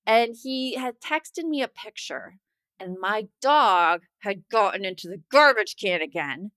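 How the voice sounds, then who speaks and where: A woman co-hosting a parenting podcast, chatting casually and telling animated stories. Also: mid-range voice, unhurried, no room sound. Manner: chatty storyteller, animated quoting. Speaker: podcast co-host. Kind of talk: casual chat.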